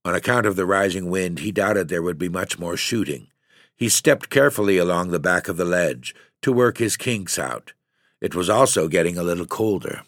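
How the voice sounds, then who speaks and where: Deep-voiced male audiobook narrator. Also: dry recording, clean studio sound. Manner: measured, steady literary reading.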